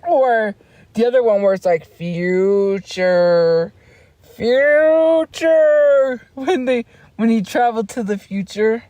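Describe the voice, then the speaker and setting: A woman's voice: fairly high pitch, moderate pace, warm tone, no room sound. A woman streamer in casual livestream chat, rambling along with frequent laughs and restarts.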